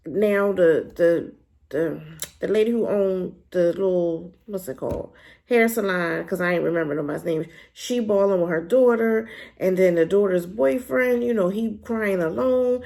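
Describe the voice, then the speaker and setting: A woman giving a casual, animated spoken review of a drama, talking in a colloquial, emphatic way. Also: moderate pace, creaky. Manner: animated, emphatic, colloquial with pitch jumps when worked up.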